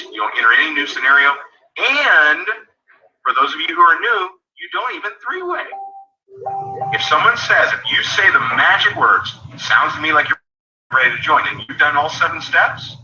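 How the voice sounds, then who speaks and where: A man giving a sales training talk, coaching listeners and acting out sample phone calls in quick asides. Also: medium pitch, sharp tone, a little hiss or hum. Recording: tinny phone line, echoey and distant.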